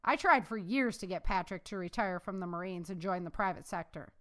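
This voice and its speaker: A woman's voice: fairly low pitch, fairly quick, natural voice. A woman voicing a sarcastic, jesting male ex-Marine in a storybook reading. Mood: wry jesting. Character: wry, sarcastic male ex-Marine security man.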